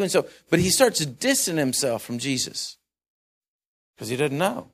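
A man delivers an informal sermon, thinking out loud and restarting his sentences as he goes. His voice is slightly high and very animated in pitch. He switches readily between reading a passage and musing on it. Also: fairly quick. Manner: animated, conversational, musing aloud with self-corrections. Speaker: preacher.

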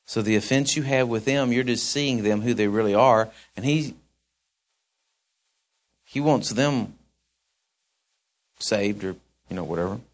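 A man preaching a sermon in a folksy, conversational way that swells into emphatic, shouted points. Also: fairly low pitch, measured pace, pauses often. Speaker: pastor.

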